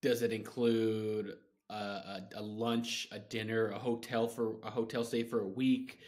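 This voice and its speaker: A young man co-hosting a podcast, talking in a relaxed, casual way and chiming in with short reactions. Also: on the low side, measured pace. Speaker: podcast co-host. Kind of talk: casual chat.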